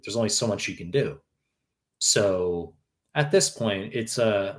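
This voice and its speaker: A man in his thirties from New York, a tutor answering viewer questions on a live stream in a blunt, profane way with many fillers. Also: lowish voice. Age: 30s. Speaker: exam prep tutor.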